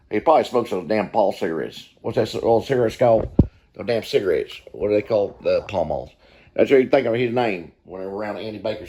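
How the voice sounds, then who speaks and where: A man's voice: on the low side, a little hiss or hum. A man giving rambling, folksy commentary while watching a film, swearing casually and repeating himself. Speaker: vlogger.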